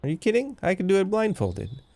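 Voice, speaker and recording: A man's voice: high voice, huge pitch swings, a little fast, mellow, pitched above the performer's own voice, full character voice. A man voicing a cocky, mischievous male hamster thief in a video game, boastful and giggly.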